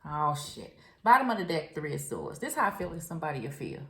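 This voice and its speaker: A woman's voice: sits low, sing-song, fast talker, heavy background noise. A woman giving a casual tarot reading, talking frankly and directly to the viewer and calling them honey and child. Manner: frank, chatty, addresses viewer directly with endearments. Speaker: tarot reader. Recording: echoey room.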